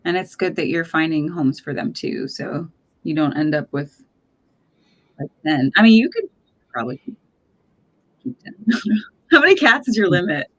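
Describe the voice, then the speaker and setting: A woman hosting a casual chat, talkative and quick to laugh, often trailing off mid-sentence. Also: fairly low pitch, expressive, fairly bright tone. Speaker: podcast host.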